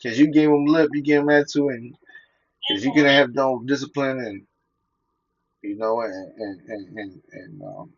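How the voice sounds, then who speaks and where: A man's voice: medium pitch, sing-song, normal speed, creaky, highs cut off. A man talking casually and profanely, telling personal stories and quoting scripture, laughing between his points.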